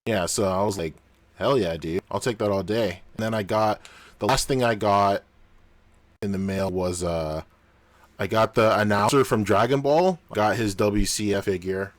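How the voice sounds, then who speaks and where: A man with a low, deep voice chatting casually as a podcast co-host. His delivery is loose and profane, broken up by frequent laughter. The sound is dry and close, with no room around it. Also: moderate pace, no echo. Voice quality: unusually deep on this mic. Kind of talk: casual chat.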